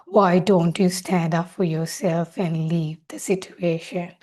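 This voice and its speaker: A woman's voice: on the low side, steady tone, slow, a little mellow. A woman speaking as her listener's hurt, neglected inner child, asking one reproachful question after another. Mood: pleading.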